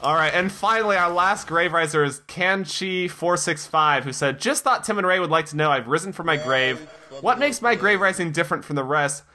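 A man co-hosting a podcast, reading listener comments aloud in a mock-dramatic voice and joking casually. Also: fairly quick. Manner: animated, reads in a mock-dramatic low voice. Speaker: podcast co-host.

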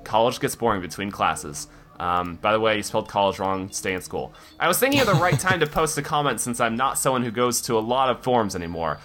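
Animated man reading listener comments. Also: fast, few pauses. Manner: animated, reads in a mock-dramatic low voice. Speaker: podcast co-host.

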